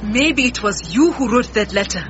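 A woman's voice: fairly high pitch, expressive, moderate pace, lo-fi sound, a little hiss or hum, lightly acted. A woman playing a proud, brusque head cook. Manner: brusque, indignant. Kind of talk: radio drama acting.

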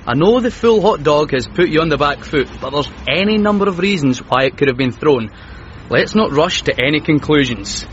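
A man's voice: a little high, animated, normal speed, slight background noise, close to an everyday voice. A man playing a touchy young constable. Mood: officious. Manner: exasperated, officious. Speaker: police constable. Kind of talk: radio sitcom acting. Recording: muffled broadcast sound.

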